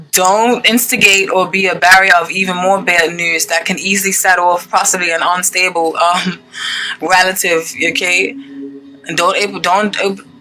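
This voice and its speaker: Bright, chatty tarot reader with soft music. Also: medium pitch, poor audio. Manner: chatty, rambling, many "okay?" check-ins; reads card meanings aloud between asides. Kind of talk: casual tarot reading to viewers.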